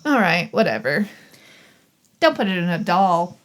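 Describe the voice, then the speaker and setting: A woman's voice: lowish voice, very animated, a little slow. Laughing, enthusiastic woman reviewing films. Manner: enthusiastic, laughs easily, swears. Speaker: podcast co-host. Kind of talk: casual movie review chat.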